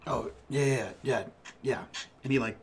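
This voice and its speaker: A man joins in a tabletop game with quick, joking remarks in a mid-pitched voice. A faint noise hums behind him. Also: fairly even intonation. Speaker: player. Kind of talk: casual tabletop play.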